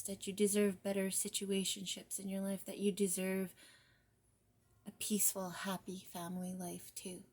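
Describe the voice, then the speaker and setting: A woman giving a spiritual guidance card reading, soft and reflective, often slipping into near-whispers and casual, mildly profane phrasing. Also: mid-range voice. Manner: casual, with mild swearing. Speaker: tarot reader.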